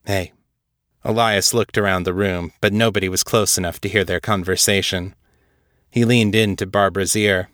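A man hosting a podcast, narrating a story and giving updates in a measured, matter-of-fact way. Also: low voice, fairly even intonation, a bit bright, dry recording, clean studio sound. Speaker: podcast host and author.

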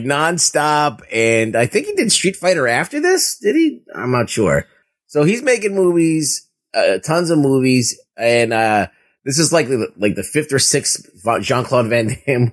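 A man co-hosting a casual movie review podcast, talking in an animated way with lots of fillers and laughter. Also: medium pitch, measured pace. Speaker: podcast co-host.

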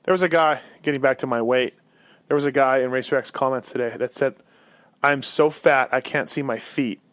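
A man's voice: mid-range voice, steady tone, moderate pace, fairly bright tone, no echo. A man hosting a podcast in casual banter, teasing his co-hosts and laughing often. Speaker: show host.

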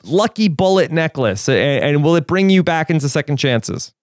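A male podcast host with a lively, swinging intonation and a dry, close sound. He talks in a chatty way, quick to laugh and restarting his questions. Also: a little high, no room sound. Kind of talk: casual interview chat.

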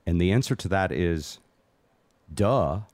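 Deep voiced guy rambling through a story on a podcast, lots of ups and downs, pokes fun at himself. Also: animated, takes it slowly, a little mellow, no echo. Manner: rambling, self-mocking storyteller. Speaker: host. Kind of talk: casual storytelling chat.

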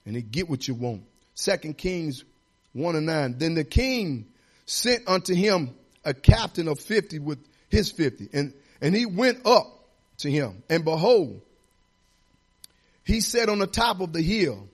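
A man's voice: fairly high pitch, big pitch swings, a little slow, breathy edge. A man pastor preaching a sermon in a folksy, repetitive, exhorting way, building emphasis as he goes.

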